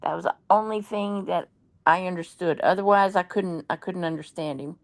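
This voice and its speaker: A woman's voice: lowish voice, normal speed. A woman chatting casually with a friend, telling stories and reading out search results. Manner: chatty storyteller, reads aloud from the web. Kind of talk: casual chat.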